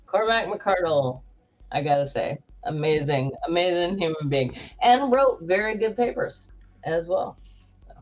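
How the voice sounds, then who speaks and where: A woman's voice: lowish voice, lively intonation, unhurried, faint music behind. A woman, a teacher, telling crude self-mocking stories in a casual video chat. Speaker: guest teacher. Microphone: video call. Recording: dull lo-fi call audio.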